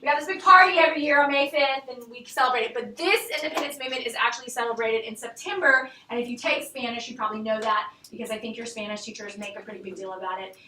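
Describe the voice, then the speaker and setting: A woman teacher with a rather high voice talks fast, barely pausing, as she gives a history lecture amid background noise. She's chatty, joking and laughing with her students while asking them questions, and the echoey classroom sound is picked up from a distance.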